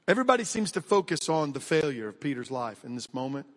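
A man's voice: on the high side, sing-song, fast talker, in a large hall. An American man preaching a sermon, talking conversationally and energetically, turning often to address the congregation directly. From United States. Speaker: pastor.

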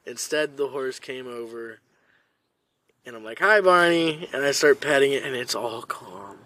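A young man hosting a podcast, telling a story in an animated, profane way. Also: mid-range voice, normal speed. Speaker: podcast host. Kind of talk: casual storytelling.

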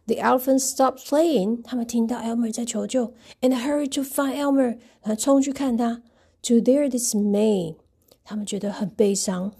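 Woman reading a children's book aloud, gravelly, husky, dark tone. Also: a little high, normal speed. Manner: gentle, expressive, retells each page. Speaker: storybook reader. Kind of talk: bilingual picture book read-aloud.

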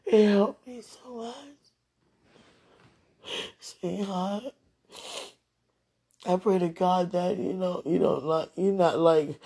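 A woman's voice: fairly low pitch, takes it slowly, pauses often, dark tone, breathy edge. A woman talking into a phone held close, emotional and repetitive, with a prayerful tone, as if speaking live to a loved one.

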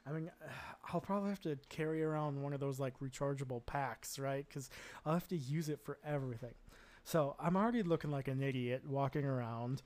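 A man's voice: mid-range voice, a little fast, darkish tone. An American man hosting a casual solo podcast, telling stories in a rambling, self-deprecating way with frequent chuckles and fillers. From United States. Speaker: podcast host.

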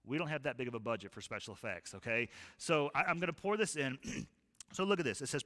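A man preaching a sermon as a pastor, telling stories in an animated, folksy way. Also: on the high side, quick pace, long reverb tail.

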